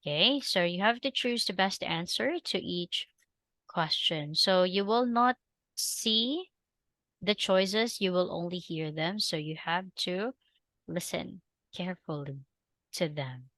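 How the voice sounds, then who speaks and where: Give me a patient woman tutor on a video call, speaking slowly. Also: on the low side, a bit bright, dry recording. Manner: patient, explains step by step with many fillers. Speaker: English tutor. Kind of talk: online language lesson. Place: small noisy room.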